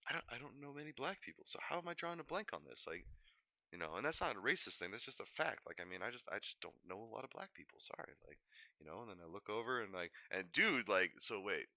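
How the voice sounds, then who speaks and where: A young man rambles through a casual stream chat, jumping between thoughts with lots of fillers and restarts. His voice sits fairly low but swings widely in pitch and has a very bright, forward tone. The sound is close and dry. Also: very animated, fast talker, dry recording.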